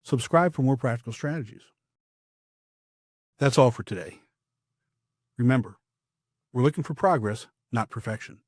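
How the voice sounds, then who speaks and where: Male podcast host, speaking coach; husky mid voice, scripted and emphatic delivery. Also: mid-range voice, animated, normal speed, pauses often, no room sound, studio quality. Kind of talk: scripted instructional podcast talk.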